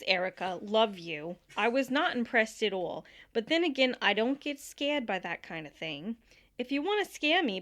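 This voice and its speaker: A woman's voice: a little high, a bit bright. Brash Jersey-accented woman reviewer, blunt and dismissive, read by a woman podcast host. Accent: New Jersey (put on).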